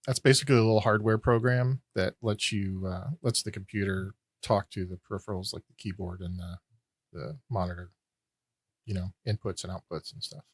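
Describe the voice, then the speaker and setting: A man acts as quizmaster for a casual podcast trivia game, reading questions and scores and teasing players in a dry, wry manner while explaining things loosely with fillers. His voice sits low and husky, with fairly even intonation, a brisk pace, and no room sound.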